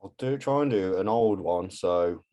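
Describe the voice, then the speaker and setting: A bodybuilder and posing coach in casual podcast chat, blunt and sweary. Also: male voice, deep voice, a little slow, warm tone, dull audio.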